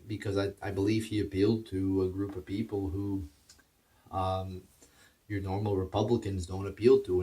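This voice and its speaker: A man's voice: low-pitched, a little mellow, recorded from a distance. A man delivering a heated, profane political rant, stumbling over his words and restarting as he goes. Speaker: political commentator.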